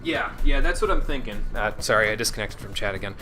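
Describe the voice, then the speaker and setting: A man gives casual commentary while streaming a game, answering chat and laughing at himself. His voice is bright and his pitch moves a lot. Faint game music runs underneath. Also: expressive, fast talker. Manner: chatty, answers chat, self-deprecating with restarts.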